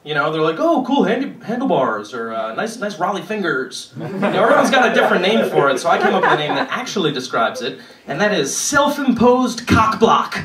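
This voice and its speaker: A man's voice: high-pitched, big pitch swings, brisk. A young man doing a stand-up set on a comedy club stage, ranting in a sarcastic, profane way. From Boston area, USA. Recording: roomy club sound from a distance, loud crowd laughter.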